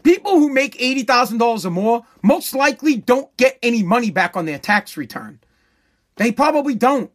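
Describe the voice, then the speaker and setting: A man's voice: extremely high pitch, sing-song, moderate pace. A man ranting in a profane, sarcastic, indignant way. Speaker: ranter. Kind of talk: profane comedic rant.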